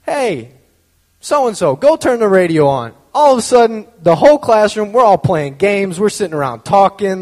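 A man's voice: high-pitched, a little mellow. Man telling a story in a reverberant hall. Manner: conversational, lots of fillers; acts out quoted voices. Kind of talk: personal storytelling talk.

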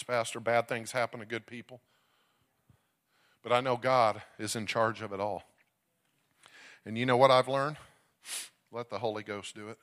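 A middle-aged man preaching a sermon as a traveling evangelist, telling a story with big swings from shouting to hushed tones. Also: mid-range voice.

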